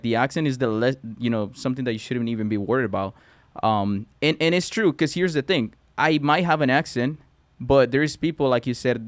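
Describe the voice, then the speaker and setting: A man's voice: mid-range voice, no room sound. Man, Colombian accent, Spanish native, eager guest talk, dry close sound. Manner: eager, restarts words often. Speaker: guest entrepreneur. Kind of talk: casual podcast conversation.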